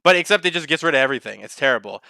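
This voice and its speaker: Animated young man, bright dry voice. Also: a little high, rapid-fire, creaky, dry recording. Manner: animated, swears, does excited mock voices. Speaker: podcast co-host. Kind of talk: casual chat.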